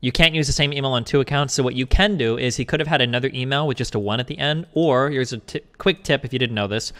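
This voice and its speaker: Man, rapid-fire, blunt, argumentative, casual stream chat. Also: medium pitch, sharp tone. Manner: fast, blunt, argumentative, profane. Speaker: streamer and co-host.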